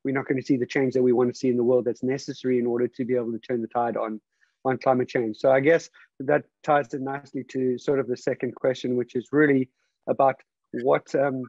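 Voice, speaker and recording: Flat-voiced male host on lo-fi call audio. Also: mid-range voice, dry recording. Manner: rambling and halting, many fillers and restarts. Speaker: interview host.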